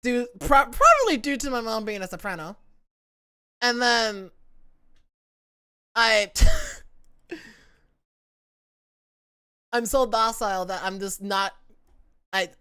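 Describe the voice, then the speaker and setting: A woman's voice: a little high, wildly swooping pitch, takes it slowly, long pauses, pushed and bright, smooth. A woman from the United States streaming live, chatting casually with viewers in a rambling way, often cutting herself off mid-sentence.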